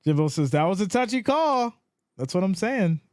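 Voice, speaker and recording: Man, live-stream play-by-play, fairly high voice, dry close sound. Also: moderate pace, no room sound. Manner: animated, rises in pitch when excited. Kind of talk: play-by-play commentary with chat reading.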